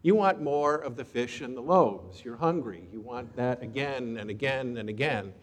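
A man voicing Jesus in a sermon, as a calm adult teacher who asks gentle questions. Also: medium pitch, moderate pace, close to an everyday voice. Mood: gently probing. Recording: long hall reverb.

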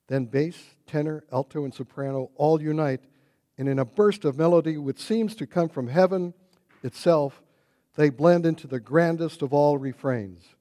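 A man preaching an Easter sermon, retelling a story and building to loud, repeated exclamations. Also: fairly high pitch, a little slow.

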